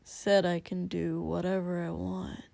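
A woman's voice: level tone, measured pace, vocal fry, warm tone, no room sound. Woman voicing a tipsy, muttering young prince. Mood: protesting. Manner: low muttering, some lines whispered. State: drunk, slurring. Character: young drunk male prince, quiet and stubborn.

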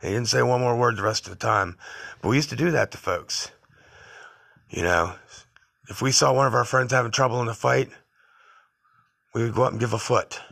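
A man's voice: medium pitch, vocal fry, bright, forceful tone. A middle-aged man hosting a podcast, telling rambling, blunt stories from his youth in a casual monologue. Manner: rambling, blunt, tough-guy storytelling. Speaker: podcast host.

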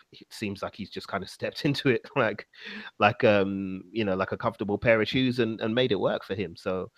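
Low-voiced laid-back podcast host. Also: male voice, no echo. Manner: relaxed, many fillers, laughs easily. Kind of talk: casual podcast chat.

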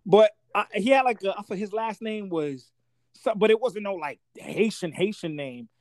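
New guy on a podcast, voice jumps all over, acts out quotes, pretty high, dry sound. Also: normal speed, no echo. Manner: animated storyteller, acts out quotes. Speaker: podcast co-host. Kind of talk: casual chat.

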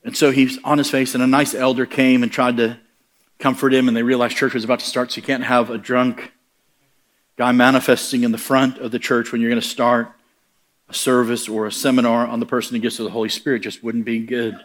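A man's voice: medium pitch, brisk. A man preaching who tells a story and acts out the voices in it. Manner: animated, acts out the voices in his stories. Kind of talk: sermon storytelling.

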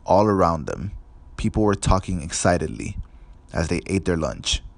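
A man reading a storybook aloud in steady, measured scripted narration. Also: low-pitched, vocal fry, no echo. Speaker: audiobook narrator.

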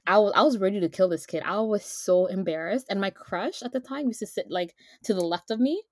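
A woman's voice: mid-range voice, a little fast, no echo, studio quality. Giggly young woman telling stories. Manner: laughs often, animated storytelling. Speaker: podcast co-host. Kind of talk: casual chat.

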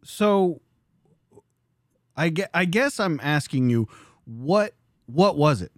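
A man's voice: on the high side, animated, takes it slowly, dry recording, clean studio sound. A man hosting a casual conversation, asking curious questions. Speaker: host. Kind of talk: casual interview chat.

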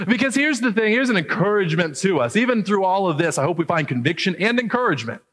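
High-voiced preacher in a reverberant hall. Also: male voice, fairly bright tone. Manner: expository preaching, voicing quoted characters with rising emphasis. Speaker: pastor. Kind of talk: sermon.

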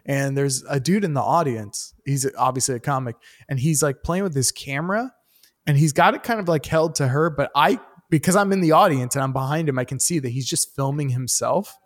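A man, a stand-up comedian, telling stories in casual chat, animated and swearing freely. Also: medium pitch, brisk. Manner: animated storyteller, swears freely, acts out the people in his stories. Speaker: stand-up comedian, podcast co-host.

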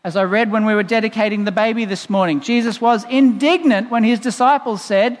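High-voiced pastor preaching in a reverberant church. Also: male voice, a little fast. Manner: conversational, playful asides, explanatory. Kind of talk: sermon. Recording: long reverb in a church hall.

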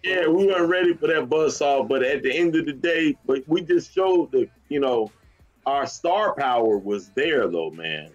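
A man's voice: medium pitch, expressive, normal speed, dull audio, faint music behind. A man co-hosting a sports talk show, talking in a fired-up, slangy way and cursing freely.

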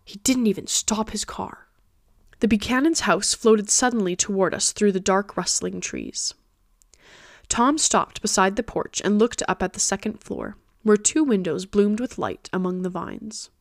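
A woman's voice: mid-range voice, lively intonation, moderate pace, vocal fry, no echo. Woman reading an audiobook, dry sound. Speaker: podcast host and reader. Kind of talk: audiobook narration.

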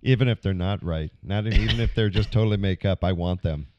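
A very deep-voiced man chimes in on a casual podcast, laid-back and a little teasing. The recording is dull and dry, with the muffled sound of a cheap mic. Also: quick pace, noisy background. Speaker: podcast panelist.

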